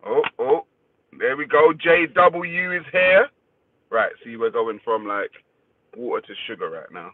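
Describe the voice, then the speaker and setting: A man's voice: medium pitch, expressive, a little slow. A man hosting a casual livestream, greeting viewers by name, reading their comments and swearing freely. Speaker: livestream host. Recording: dry, phone-like thin sound.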